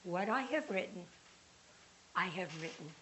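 A woman voicing a stern male Roman governor in a scripture reading, speaking slowly and deliberately. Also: fairly high pitch, animated, a bit bright, slight background noise, low-quality recording. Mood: solemn. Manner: slow, deliberate, measured delivery.

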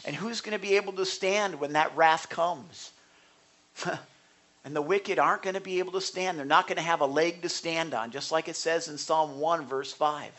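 High, bright-voiced preaching man. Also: normal speed. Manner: earnest, conversational preaching with rising bursts of emphasis; asks the congregation questions. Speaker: pastor. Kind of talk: sermon.

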